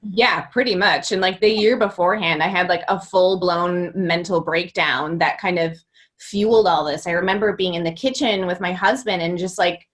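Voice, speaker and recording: A woman's voice: fairly low pitch, moderate pace, fairly bright tone. A woman in her thirties, a guest on a podcast, talking casually and chattily with lots of filler words. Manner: chatty, uses many fillers like "like". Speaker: podcast guest, former boutique owner. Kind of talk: casual interview conversation.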